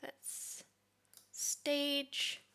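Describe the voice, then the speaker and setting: A woman's voice: very slow, pushed and bright. A woman live-streaming as she codes, thinking aloud and muttering or whispering to herself.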